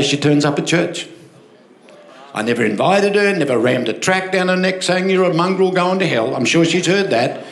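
Older Australian pastor preaching with echo. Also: male voice, sits high. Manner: storytelling, animated, asks crowd for amens. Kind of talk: sermon. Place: church hall. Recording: echoey hall with music behind.

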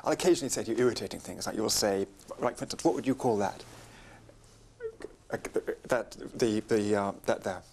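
A man working as an etiquette tutor on a reality TV show, coaching with a fussy, wry, gently teasing manner. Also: lowish voice, quick pace, creaky, few pauses, a little hiss or hum. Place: restaurant dining table. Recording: busy crowd chatter around. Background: diners chattering.

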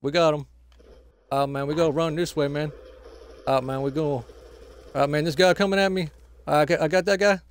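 A man's voice: a little high, fairly even intonation, normal speed, long pauses, smooth. A man giving casual gameplay commentary, grumbling and swearing at opponents and tacking "man" onto nearly every phrase. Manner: swears and trash-talks opponents. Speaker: gameplay commentator filling in for the channel owner.

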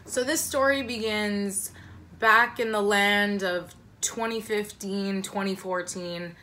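A woman's voice: mid-range voice, fairly even intonation, slow, pushed and bright. A young woman in her twenties telling a casual storytime vlog, rambling with lots of fillers and self-deprecating asides. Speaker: vlogger.

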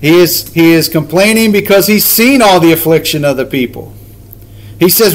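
A man's voice: a little high, expressive, normal speed, low-quality recording. A man leading a casual Bible study, paraphrasing scripture in everyday words with emphatic, conversational delivery.

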